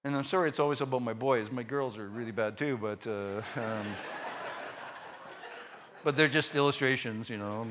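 A middle-aged male pastor preaching a sermon through personal stories, with joking asides and swings between loud and soft delivery. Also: mid-range voice, normal speed, pauses often, slight background noise.

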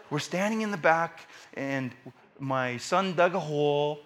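A man's voice: on the high side, takes it slowly. A middle-aged man preaching a storytelling sermon in a casual way with many fillers, acting out the voices of his family. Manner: animated, acts out family voices.

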